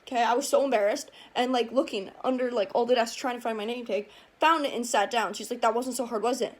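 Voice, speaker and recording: A woman's voice: on the high side, fast. A young woman vlogger chatting casually through a storytime while doing her makeup, retelling scenes with lots of "like".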